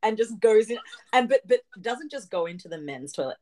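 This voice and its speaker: A woman's voice: medium pitch, lively intonation, brisk, darkish tone. A woman co-hosting a podcast, talking bluntly and sarcastically in casual chat about a reality show. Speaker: podcast co-host.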